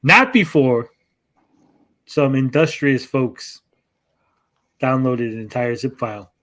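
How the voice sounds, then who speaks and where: A man's voice: medium pitch, slow pace, a bit bright. A man hosting a reaction stream, telling a long story in casual chat, often ending sentences with "right?" and acting out quoted lines in a raised voice. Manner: acts out quoted exchanges in a raised voice.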